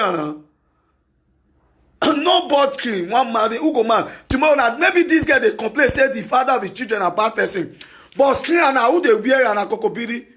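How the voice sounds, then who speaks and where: A man with a very high voice and a Nigerian accent runs a talk show, giving an opinionated monologue. He's emphatic and repetitive, breaking into bursts of shouting.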